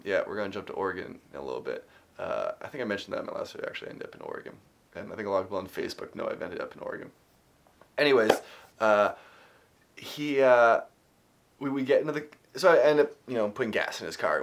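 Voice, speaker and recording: A man telling a personal story to camera in a casual vlog. He rambles with many fillers and restarts and grows animated at the tense parts. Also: on the low side. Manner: animated when retelling tense moments. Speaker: vlogger.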